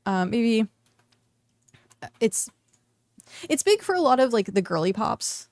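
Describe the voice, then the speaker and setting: A woman's voice: fairly high pitch, sing-song, unhurried, a little mellow, dry recording. A woman streamer from the United States chatting casually while she plays, rambling with lots of fillers and restarts. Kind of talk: casual chat while gaming.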